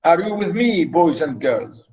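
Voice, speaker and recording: Man, literature lecturer, slow and halting, fairly high voice, counts syllables aloud. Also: big pitch swings, a crowd in the background, rough recording. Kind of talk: classroom lecture. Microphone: recorded lecture.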